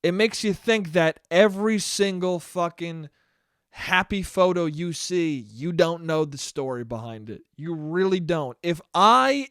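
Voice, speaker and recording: A man's voice: high-pitched, a bit bright, dry recording, clean studio sound. A young man hosting a solo podcast, ranting in a profane, self-mocking way and acting out the voices in his head. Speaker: podcast host. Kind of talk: solo comedic monologue.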